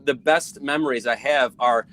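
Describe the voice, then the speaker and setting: A man's voice: mid-range voice, normal speed, a bit bright. A man in his thirties, a former radio personality, chatting as a podcast guest in a rambling, laid-back way. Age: 30s. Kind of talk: casual podcast conversation.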